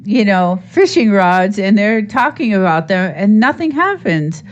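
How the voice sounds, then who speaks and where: A woman's voice: medium pitch, animated, a little slow. Woman rambling on her livestream, tired after work, laughs a lot, kinda dull lo-fi audio. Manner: rambling, reads chat aloud, laughs often. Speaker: livestream host. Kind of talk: casual live-stream chat.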